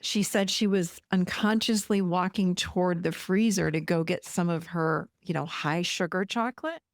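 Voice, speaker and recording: A woman's voice: lowish voice, normal speed, dry recording, clean studio sound. A woman podcast host and therapist telling a client story in a casual, chatty way, often addressing listeners directly.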